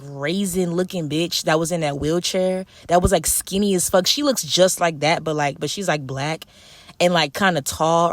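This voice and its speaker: A young vlogger with a deep voice delivers a casual, swear-filled rant to her camera, peppered with "like." The recording has no room sound.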